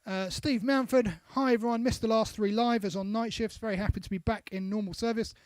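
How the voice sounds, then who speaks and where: Very high-voiced man reading comments. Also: fairly even intonation, brisk, no room sound. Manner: chatty, reads out names with asides. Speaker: co-host reading viewer comments. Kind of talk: casual live-stream chat.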